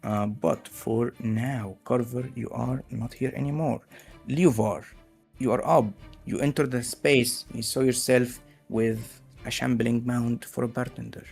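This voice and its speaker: A man narrating as game master of a tabletop game, relaxed and full of fillers. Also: mid-range voice, unhurried, vocal fry, soft background music.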